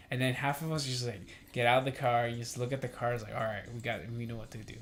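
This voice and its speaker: A man's voice: mid-range voice, level tone, quick pace, few pauses. A young man hosting a podcast, talking casually in a rambling way, with lots of fillers and swearing, and acting out quoted talk in a livelier voice. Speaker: podcast host. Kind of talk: casual chat.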